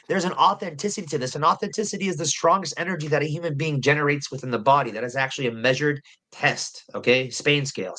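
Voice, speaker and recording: Rambling, cursing fighter, higher voice. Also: male voice, sharp tone. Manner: rambling, profane, repeats himself. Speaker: guest, professional bare-knuckle fighter. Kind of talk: casual storytelling chat.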